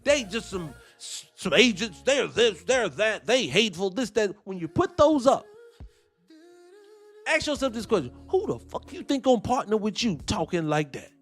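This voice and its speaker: Man, heated profane commentary, high lively pitch, faint music behind. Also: normal speed. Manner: heated, profane, preaching cadence. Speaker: commentary show host. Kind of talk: live-stream commentary with viewer shout-outs.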